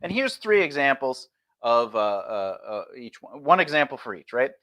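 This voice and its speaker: Bright-voiced man giving a casual lesson. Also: medium pitch, sing-song, normal speed. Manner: loose, chatty, acts out example replies. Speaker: streamer teaching conversation skills.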